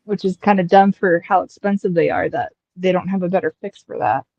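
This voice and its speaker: A woman's voice: lowish voice, brisk, gravelly, a little mellow, dry recording, lo-fi sound. A woman streamer chatting casually on a headset, rambling and full of fillers. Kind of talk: casual chat.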